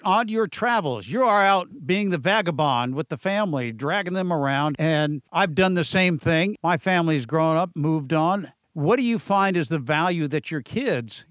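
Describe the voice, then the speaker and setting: A man's voice: a little high, no echo. A man with a slightly raised voice hosts a business podcast interview. He talks in a folksy, upbeat way full of colorful phrases. The sound is dry and close, with no room around it. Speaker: podcast host.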